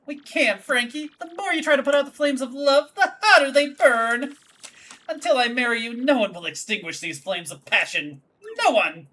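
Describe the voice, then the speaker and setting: A woman voicing a lovestruck young female creature in a video game, pleading in a high, melodramatic way. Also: animated, moderate pace, a bit bright.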